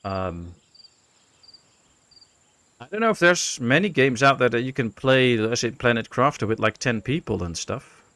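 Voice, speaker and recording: A man's voice: mid-range voice, unhurried, long pauses, no room sound. A man from the Netherlands streaming a colony-building game, chatting casually with his viewers and musing aloud with lots of fillers. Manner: relaxed, musing, thinking aloud with many fillers. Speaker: gaming streamer.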